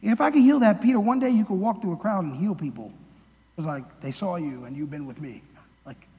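A preacher voicing a gentle, reassuring Jesus. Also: male voice, a little fast. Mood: tender. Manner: soft, reassuring, lower than his own voice. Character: gentle compassionate male Jesus speaking to a disciple. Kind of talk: preacher quoting Jesus in a sermon. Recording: long hall reverb.

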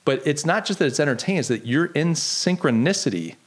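Lively-pitched man musing aloud. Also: fairly quick. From United States. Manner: conversational, earnest, many restarts. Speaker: podcast host. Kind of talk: solo podcast monologue.

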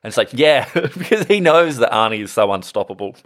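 A man co-hosting a casual film podcast, relaxed and amused, laughing easily as he recalls scenes. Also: medium pitch, brisk. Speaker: podcast co-host.

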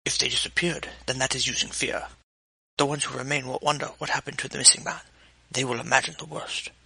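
A man voicing an annoyed male crime boss who speaks slowly with a heavy accent, in an audiobook reading. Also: mid-range voice, fairly even intonation, creaky, bright, forceful tone, husky, no room sound, full character voice, low-quality recording. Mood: stern. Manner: slow, strained, annoyed.

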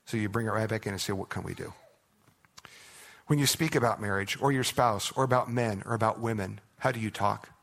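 Pastor, man, gravelly, earnest conversational preaching with quiet prayerful moments. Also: on the low side, quick pace, hardly any pauses. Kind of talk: sermon.

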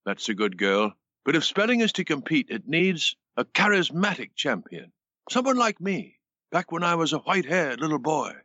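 A man's voice: on the high side, very animated, moderate pace, pushed and bright, dry recording, dull audio, full character voice. An actor playing a pompous, smarmy older male spelling-bee official in a cartoon.

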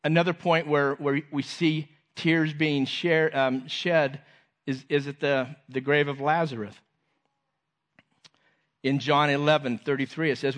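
A man preaching a sermon to a congregation, earnest, repeating his phrases and letting lines fall softly at the end. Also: medium pitch, fairly even intonation, a little slow.

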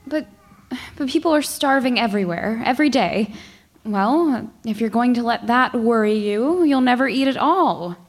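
An actress playing a sensible, motherly eldest sister who also narrates the story in a gentle voice. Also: on the high side, animated, moderate pace. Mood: soothing. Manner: gentle, soothing. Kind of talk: first-person storytelling narration. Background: piano music.

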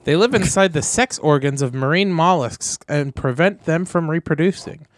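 A man's voice: fairly high pitch, moderate pace, no echo, clean studio sound. A man co-hosting a casual podcast, joking and reading stories aloud. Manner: joking, reads articles aloud. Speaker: podcast co-host. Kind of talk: casual chat.

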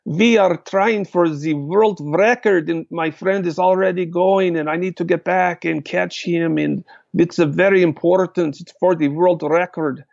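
A man's voice: sits high, fairly even intonation, a little slow, vocal fry, few pauses, darkish tone, no room sound, dull audio, voice pushed up. A man putting on an insistent Czech-accented pilot. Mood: pleading.

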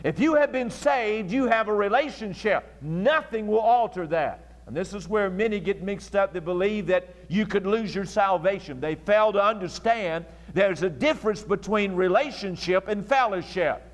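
A male pastor with a high voice preaching from the pulpit. He leans hard on key words, slowing right down for emphasis. The archival church recording has a long, echoing reverb. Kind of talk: sermon. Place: church sanctuary.

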